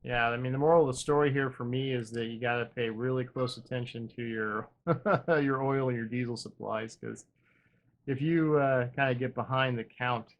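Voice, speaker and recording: A man hosting a gaming video, thinking aloud in casual commentary with wry, self-deprecating humor, drifting between upbeat remarks and quiet muttering. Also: medium pitch, fairly even intonation, moderate pace, dull audio. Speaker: gaming channel host.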